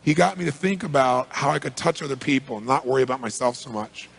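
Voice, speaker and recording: A man speaking quickly with a gravelly edge, telling a long story from the stage. His delivery is brisk and driven. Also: mid-range voice. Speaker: motivational speaker. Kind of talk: storytelling talk to an audience.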